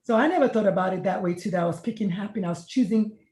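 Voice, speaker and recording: Her mid-range voice is dark and rapid-fire as this middle-aged woman, a retired pediatrician turned life coach, recounts her story for an interview. She reflects earnestly and retells conversations in dialogue, and the room sound echoes.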